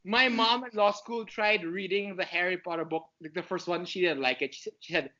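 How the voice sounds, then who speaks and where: Podcast guest, man, gushing fan who rambles fast, on a dull lo-fi mic. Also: high voice. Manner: excitable, rambling, fannish. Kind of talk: casual chat.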